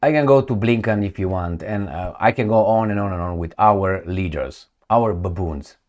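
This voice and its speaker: Speaking low at a moderate pace over lo-fi audio, a man runs his own political commentary show. His delivery is lively and sneering, full of false starts.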